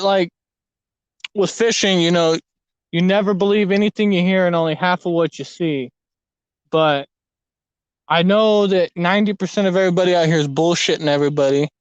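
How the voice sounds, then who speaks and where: A young man with a high, smooth voice, rambling through a profane, animated fishing story in casual chat. The sound is close and dry, with no room around it. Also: no echo, low-quality recording. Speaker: fishing vlogger. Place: outdoors at a lake.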